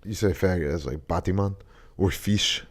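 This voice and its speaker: A man's voice: low-pitched, normal speed. A young man hosting a podcast in loose, profane, joking casual chat. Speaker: podcast host.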